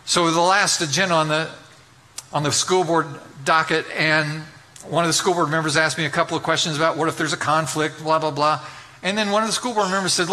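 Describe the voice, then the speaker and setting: A man's voice: fairly high pitch, fairly even intonation, a little fast, sharp tone. A middle-aged man preaching a sermon as pastor, telling a story with self-deprecating humor and building to emphatic appeals.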